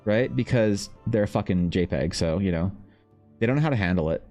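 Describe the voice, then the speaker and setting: A man's voice: fairly low pitch, animated, fairly quick, a little mellow. A young man streaming live, chatting casually with viewers, rambling, swearing freely, and calling everyone man or bro. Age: young adult. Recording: faint music behind.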